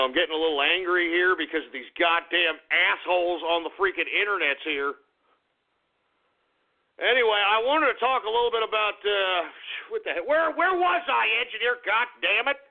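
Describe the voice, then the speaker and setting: A male talk radio host launching into an angry, profanity-laced political rant. His voice sits fairly high for a man. The sound is thin and tinny, as if heard over a phone line. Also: moderate pace.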